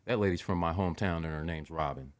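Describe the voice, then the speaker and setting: A young adult man chatting on a podcast, an animated storyteller who gets excited and swears a lot. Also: sits low, quick pace. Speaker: podcast co-host. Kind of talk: casual chat.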